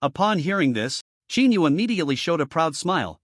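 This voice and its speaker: A male narrator reads a scripted story recap in a lively voice that sits a little high and moves a lot in pitch. The sound is dry and close, with no room in it. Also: brisk, few pauses, no echo.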